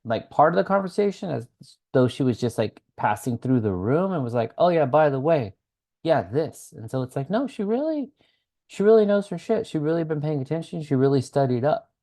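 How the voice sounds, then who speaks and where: A man's voice: a little high, sing-song, a little fast, warm tone. A man co-hosting a casual podcast recapping a TV show, talking expressively, swearing freely and laughing as he acts out quotes. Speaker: podcast co-host.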